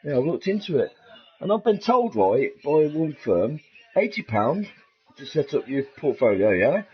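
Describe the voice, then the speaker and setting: A middle-aged English vlogger rambles through a casual, profane monologue, laughing at his own jokes. His voice sits fairly high with big pitch swings and a normal pace. The recording is dull and lo-fi.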